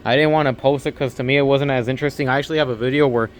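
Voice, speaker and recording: A man's voice: mid-range voice, steady tone, very fast, a little hiss or hum. Rambling young man telling a story. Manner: rambling retelling, quoting others, restarting sentences, laughing. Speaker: vlogger and overnight convenience store clerk. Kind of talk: casual storytelling to camera.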